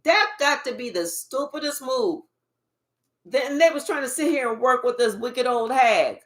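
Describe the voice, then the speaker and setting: Woman card reader with a fairly high voice, emphatic and teasing, swears freely while reading for live viewers. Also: animated, unhurried.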